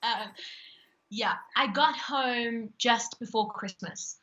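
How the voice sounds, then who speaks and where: High, bright, giggly woman. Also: takes it slowly, poor audio. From South Africa. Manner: giggly, animated storyteller with frequent laughs. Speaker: guest, ventriloquist comedienne. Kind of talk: casual interview chat.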